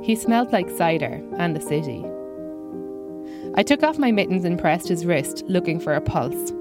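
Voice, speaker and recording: A woman's voice: fairly low pitch, lively intonation, normal speed, loud music behind the voice. A woman telling a scripted personal story with dry, self-mocking humor.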